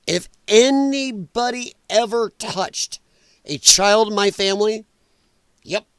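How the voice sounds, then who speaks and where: High-voiced, blunt, ranting male stream host. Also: dry recording. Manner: chatty with viewers in chat. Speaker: livestream host. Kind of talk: live political commentary.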